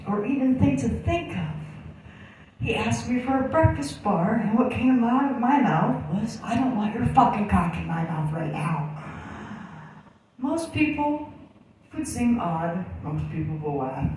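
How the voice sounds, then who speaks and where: A woman's voice: fairly high pitch, darkish tone, a little hiss or hum. A woman telling a crude, sarcastic stand-up story in a blunt way. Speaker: comedian. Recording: echoey room from far off.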